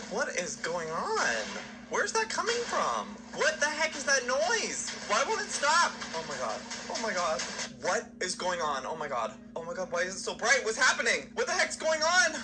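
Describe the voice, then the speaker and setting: A man's voice: high voice, wildly swooping pitch, measured pace, background noise. A man commentating his game play in a theatrical way, exclaiming and panicking aloud. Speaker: game player. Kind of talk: dramatic gameplay commentary.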